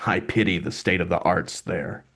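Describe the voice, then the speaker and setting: A cruel, bullying city guard, read aloud by a man, with a sneering, taunting delivery. His voice sits low, and the scene is told as a storybook reading. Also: steady tone, normal speed, a bit bright.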